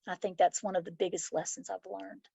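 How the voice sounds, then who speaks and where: A woman's voice: mid-range voice, flat delivery, brisk, vocal fry, mellow, husky, no room sound. A middle-aged woman, a school principal, answering interview questions with heartfelt, reflective stories. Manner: heartfelt, reflective, acts out children's voices in stories. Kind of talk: interview answers, personal storytelling.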